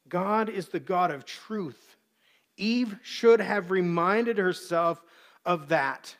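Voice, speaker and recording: A man preaching a sermon as pastor, earnest, briefly acting out the voices he quotes. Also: fairly high pitch.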